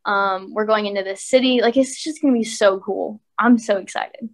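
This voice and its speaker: A woman's voice: mid-range voice, fairly quick. A young woman guest chatting casually on a podcast, upbeat and talkative, often saying "like". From United States. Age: young adult.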